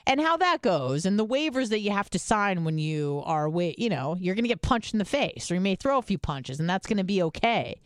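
Rambling woman telling stories, smooth voice. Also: medium pitch, big pitch swings, a little fast, few pauses, no room sound, studio quality. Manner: rambling storyteller, loose with many "like" fillers. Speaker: podcast co-host. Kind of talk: casual chat.

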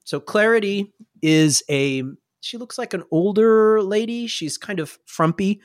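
A man with a somewhat high voice narrating a tabletop game as game master. He rambles in a relaxed way, filling pauses as he describes scenes. The sound is dry and close. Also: dry recording.

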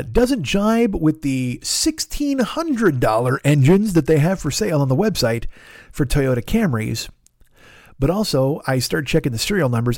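A man's voice: fairly high pitch, darkish tone, no echo, studio quality. A man hosting a podcast, telling a rambling, profane, self-deprecating story in a casual monologue. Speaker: podcast host.

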